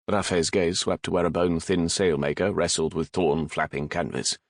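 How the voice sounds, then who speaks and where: A man narrating a historical romance audiobook in a measured, dramatic reading. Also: deep voice, level tone, no room sound, clean studio sound. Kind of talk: scripted narration.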